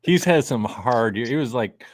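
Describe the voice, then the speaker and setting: A man's voice: mid-range voice, animated, measured pace, dry recording. A man co-hosting a casual sports podcast, joking and laid-back with his friend. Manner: joking, laid-back, says dude and bro. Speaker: podcast co-host.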